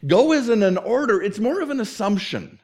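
With a high voice and a moderate pace, a middle-aged man preaches as a pastor. His storytelling is animated, and he acts out the quotes.

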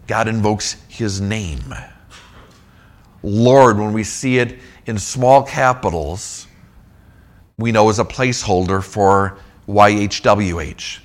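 A man preaching a sermon on scripture, emphatic, rising to near-shouts and dropping low. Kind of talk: expository sermon.

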